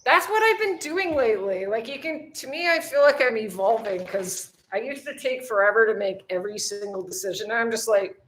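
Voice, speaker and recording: A woman's voice: fairly high pitch, animated, fairly quick, hardly any pauses, fairly bright tone. A woman from the United States hosting a casual livestream, chatting with viewers and answering their comments. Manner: chatty, swears lightly, reads and answers comments. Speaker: livestream host. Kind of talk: casual live chat with viewers. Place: outdoors in bright sun.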